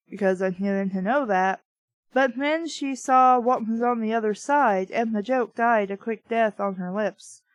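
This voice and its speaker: A woman's voice: fairly high pitch, no echo. A woman reading a novel aloud and breaking in with sarcastic, mocking commentary. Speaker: book reader and critic.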